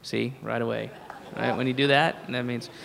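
A male stand-up comedian ranting in an incredulous, mocking, profane way, shouting at the peaks, live at a comedy venue. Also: mid-range voice, steady tone, normal speed, gravelly. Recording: live in a reverberant hall with audience.

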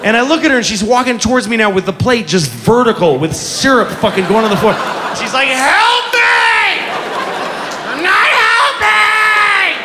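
Animated, profane stand-up man in his forties. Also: sits high, fast, long reverb tail. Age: 40s. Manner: profane, self-mocking, animated. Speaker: stand-up comedian. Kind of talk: stand-up storytelling. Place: comedy club stage with audience. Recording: live club room with crowd and noise.

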